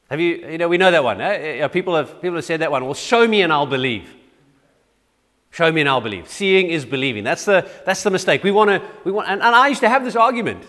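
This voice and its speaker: Chatty pastor, echoing church. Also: male voice, high voice, pushed and bright. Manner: conversational, self-deprecating, with many restarts. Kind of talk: sermon.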